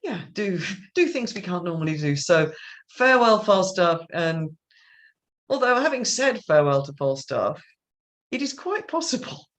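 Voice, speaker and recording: A woman directing a theatre company, chatting casually over a video call and often restarting her sentences. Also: fairly low pitch. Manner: rambling, chatty, with many restarts and laughs. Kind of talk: casual chat.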